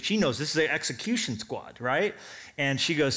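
A man's voice: medium pitch, fairly quick. A man preaching a sermon, telling a story with casual asides and acting out what each character says. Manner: animated storytelling, acts out characters' lines. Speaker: pastor.

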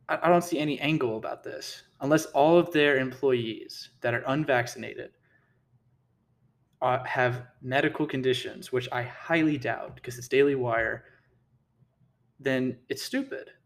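A man delivering a casual commentary rant in a middle-pitched voice. He sounds heated and indignant throughout, tripping over his words and restarting sentences as he argues. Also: fairly even intonation, slow, long pauses. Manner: heated, indignant, repeats himself and restarts often. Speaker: political commentator.

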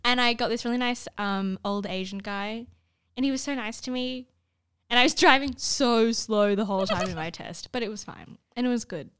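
A young Australian woman telling a story in a chatty, animated way, full of fillers. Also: a little high, normal speed, a little hiss or hum. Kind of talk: casual storytelling chat.

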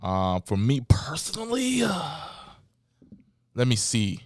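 A man's voice: mid-range voice, wildly swooping pitch, slow pace, darkish tone, no echo. Playful male podcast host, dry close mic. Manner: playful, teasing, asks questions. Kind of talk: casual podcast chat.

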